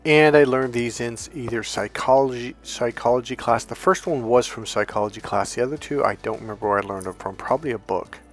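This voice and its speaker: A man's voice: mid-range voice, fairly quick, few pauses, faint music behind. A man who is a dating coach, talking off the cuff to camera in a rambling, profane way and acting out grunts and crying babies.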